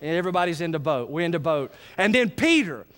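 A man preaches in a high, bright-pitched voice. He is animated and folksy, often stopping to check that the congregation is with him. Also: fast talker. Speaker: pastor. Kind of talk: sermon.

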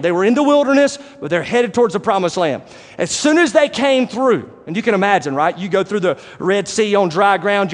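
A man preaching a sermon, animated and acting out the voices of the people he describes. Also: high voice. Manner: animated, acts out quoted voices, rising to shouts. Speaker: pastor. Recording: long hall reverb.

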